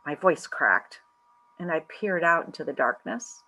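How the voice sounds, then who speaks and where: A woman reads a first-person holiday story aloud, taking her time. Her voice is bright and clear, and her pitch moves in a lively way as she tells it. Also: measured pace, muffled recording. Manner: expressive, animated storytelling. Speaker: story reader.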